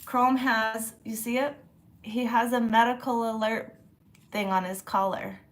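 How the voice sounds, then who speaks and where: A woman's voice: on the high side, steady tone, a little slow. A woman chatting casually to her viewers from her room, blunt and swearing freely, sore after a massage. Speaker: channel host.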